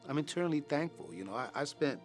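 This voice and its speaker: A man in his fifties from California, a ministry program graduate, recounts his testimony in a fairly high voice with lively intonation. He's sincere and informal, using slang and halting over repeated words, while faint music plays behind.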